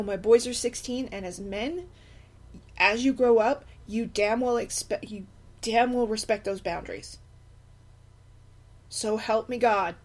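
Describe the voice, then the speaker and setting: Impassioned woman podcaster, indignant monologue. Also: a little high. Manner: impassioned, indignant, many fillers and restarts. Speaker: podcast host, single mother. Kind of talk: unscripted personal podcast monologue.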